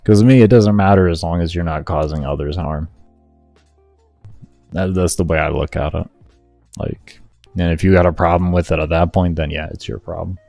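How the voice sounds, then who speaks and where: A young male gaming streamer with a very low, mellow voice. He chats casually with his viewers, then rants and swears hard at his own mistakes. The sound is close and dry, with faint music underneath. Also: moderate pace, creaky, pauses often, no echo. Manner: swears heavily, rants and berates himself when frustrated; chats with viewers in a relaxed, rambling way. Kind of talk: casual live-stream chat while gaming.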